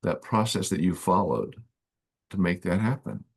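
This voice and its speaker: A man's voice: sits low, moderate pace, husky. A man hosting a conversational interview, sounding affirming and thinking aloud with small restarts. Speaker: podcast host.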